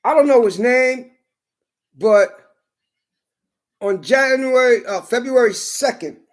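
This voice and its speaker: High-voiced man, fiery profane rant, pushes into shouting. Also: slow. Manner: heated, swearing, rising into shouts. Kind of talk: profane ranting monologue.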